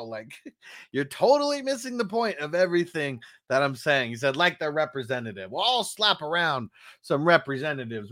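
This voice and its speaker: A man's voice: high voice, sharp tone, dry recording, poor audio. A young man hosting a fantasy football live stream, chatting casually with viewers in a profane, teasing, rambling way full of fillers. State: coughing between phrases.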